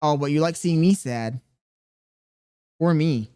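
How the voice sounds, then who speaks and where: A man's voice: fairly high pitch, takes it slowly, mellow, clear, resonant tone. Playful male streamer talking to chat. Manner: reads chat comments aloud and coos to a baby; playful, mock self-pitying. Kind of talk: casual livestream chat.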